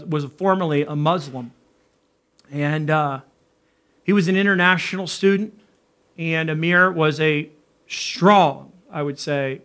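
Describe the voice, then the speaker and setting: Middle-aged male preacher, bright, forceful tone, animated storyteller. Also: high voice. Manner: animated, acts out dialogue in his story. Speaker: pastor. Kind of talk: sermon storytelling.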